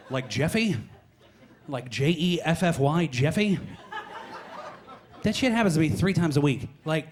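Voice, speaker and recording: Young guy doing stand-up, jittery and fast, kinda high voice, on stage in a club. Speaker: stand-up comedian. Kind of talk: stand-up comedy set.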